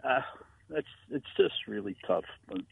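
A man calling into a radio show, friendly and halting as he searches for words. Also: on the low side, animated, vocal fry, slightly rough, no echo. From San Antonio, Texas. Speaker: radio caller. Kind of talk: phone-in call. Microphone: telephone. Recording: tinny dry phone line.

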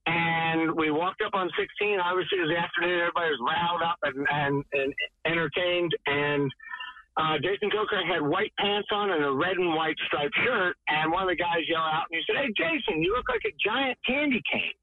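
A man telling an animated, laughing golf story as a guest. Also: on the high side, brisk, phone-quality sound. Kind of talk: casual storytelling.

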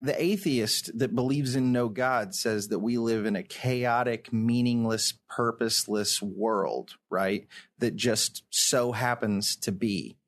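Earnest man co-hosting a faith podcast. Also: mid-range voice. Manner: earnest, talks in quick bursts with restarts. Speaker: podcast co-host. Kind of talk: casual faith discussion. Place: indoors at a wood table.

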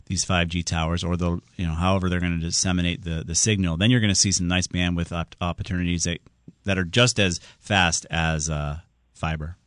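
A man hosts a call-in tech show on the radio, handing out casual advice and needling his callers with jokes. His voice sits a bit low, and the sound is close and dry with no room around it. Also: fairly even intonation, a little fast, a bit bright, no room sound. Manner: joking, teasing callers.

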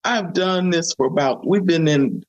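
A woman's voice: on the low side, a little slow, lo-fi sound. A woman who founded a community ministry, a guest in an interview, speaking with fervent, repetitive, preacher-like emphasis. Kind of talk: conversational interview testimony.

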